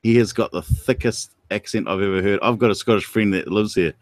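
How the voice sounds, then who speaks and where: A man chatting casually as a paranormal co-host, enthusiastic and quick to laugh. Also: fairly low pitch, no echo. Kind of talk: casual chat.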